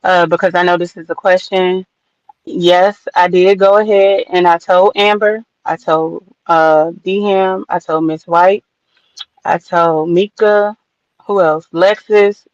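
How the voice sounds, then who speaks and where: A livestream host speaking slowly and deliberately, addressing viewers. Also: female voice, fairly low pitch, no echo. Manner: slow, deliberate, addressing chat. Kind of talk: casual livestream talk. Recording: dry, dull lo-fi sound.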